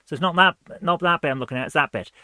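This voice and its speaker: A woman's voice: sits low, fast, pushed and bright, no room sound. Woman host, casual upbeat stream chat, dry close mic. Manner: chatty, upbeat, laughs easily. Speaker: host of a live retro gaming stream. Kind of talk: casual live-stream chat, reading viewer comments.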